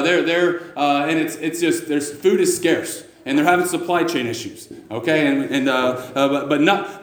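A man preaching a sermon and reading scripture aloud, talking in a halting way with many fillers and restarts. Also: on the high side, reverberant. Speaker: pastor.

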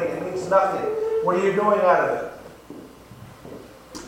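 A man's voice: high-pitched, fairly even intonation, a little slow, a crowd in the background. A man giving an earnest, repetitive testimony sermon in a church. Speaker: lay preacher giving testimony. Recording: echoey church room, faint noise.

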